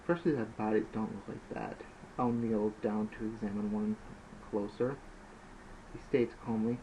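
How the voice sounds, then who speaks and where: A man's voice: fairly low pitch, steady tone, measured pace, dark tone. A man reading his own story aloud as an amateur audiobook narrator, plainly and with occasional slips. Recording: dull lo-fi with faint hiss.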